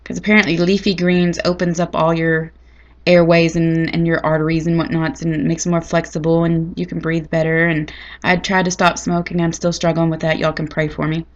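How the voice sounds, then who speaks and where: A woman's voice: low voice, little pitch movement, fairly quick, muffled recording. A woman telling a personal story in a chatty, dramatic, folksy way. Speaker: vlogger. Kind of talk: casual storytelling to camera.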